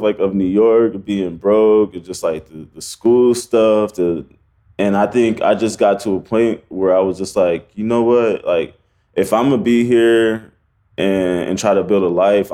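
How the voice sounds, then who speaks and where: A man with a somewhat low voice, a photographer guesting on a podcast. He tells his story in loose street slang, full of fillers and restarts, and acts out the scenes with animation. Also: fairly even intonation, measured pace, dark tone. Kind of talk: casual storytelling interview.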